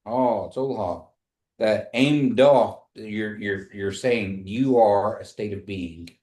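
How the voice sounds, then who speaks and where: Slow, patient man teaching a class. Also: fairly low pitch, darkish tone. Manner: slow, patient, repeats phrases for the class to echo. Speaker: language teacher. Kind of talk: classroom language lesson.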